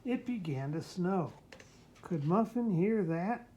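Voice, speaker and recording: A woman's voice: fairly low pitch, animated, takes it slowly, mellow, slight background noise. A woman reading a children's picture book aloud to a child, mimicking the sounds and asking the listener questions.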